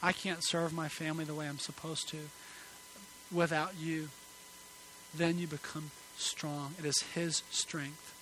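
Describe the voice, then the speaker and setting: A man preaches a sermon from a church stage into a microphone. His voice is bright and forceful and sits a little high. He swings between emphatic calls and quiet pleading, and a faint hum runs under the recording. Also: level tone, measured pace, poor audio. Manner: earnest, emphatic preaching that drops to soft pleading. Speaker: pastor. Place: church sanctuary.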